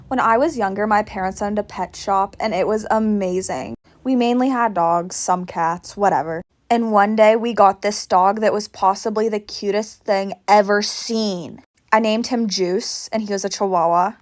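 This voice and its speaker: A young woman telling funny stories in a casual storytime style, with animated, exaggerated reactions. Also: mid-range voice.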